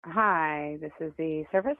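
A woman's voice: low voice, unhurried. A woman answering a phone call, impatient and snapping back while she plays along. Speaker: call recipient. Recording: tinny phone line.

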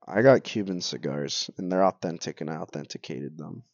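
A man's voice: extremely low pitch, a little fast, a little mellow, dry recording, dull audio. A young man co-hosting a casual podcast, stuffy and coughing from allergies, joking and swearing a lot. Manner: joking, swears often, says "dude" and "bro". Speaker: podcast co-host. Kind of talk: casual chat.

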